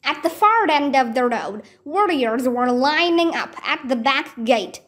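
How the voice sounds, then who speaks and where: A woman's voice: lively intonation, measured pace, fairly bright tone. A woman with Vietnamese as her first language, reading a children's book aloud and acting out the characters' lines. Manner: acts out character lines with raised pitch. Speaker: reader.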